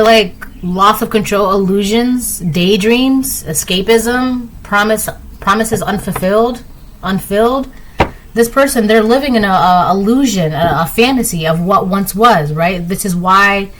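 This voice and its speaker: A woman's voice: slight background noise, low-quality recording. A woman giving a casual tarot reading, rambling and chatty, with lots of "like" and "right?". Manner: acts out quoted lines in a higher voice. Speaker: tarot reader.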